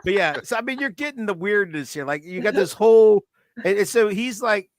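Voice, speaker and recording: A man's voice: sits high, fairly quick, slight background noise. A man co-hosting a podcast, retelling a movie in casual chat with lots of laughs and fillers. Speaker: podcast co-host.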